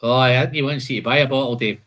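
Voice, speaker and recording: A man's voice: medium pitch, fairly even intonation, fast talker, a bit bright. A man hosting a live whisky tasting, listing flavour notes and chatting casually, calling people "man" and "mate".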